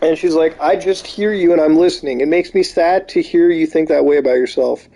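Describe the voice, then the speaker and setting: A man's voice: fairly high pitch, fairly quick, vocal fry, soft background music. A man streaming live, reading posts aloud and reacting with disbelief and swearing. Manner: incredulous, swearing, reacting out loud.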